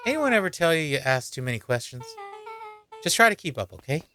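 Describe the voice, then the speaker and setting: A blunt, bossy girl from a video game snaps out short commands in a lowered voice, as a streamer puts her on. The pitch jumps around a lot, and faint music sits behind. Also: sing-song, fairly quick, bright, forceful tone.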